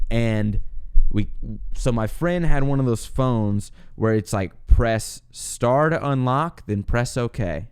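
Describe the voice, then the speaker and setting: A young man hosting a podcast, telling a long personal story in a casual, animated way, laughing often and acting out what he said back then. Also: fairly low pitch, clean tone. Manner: animated, laughs often, acts out his own past lines. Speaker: podcast host.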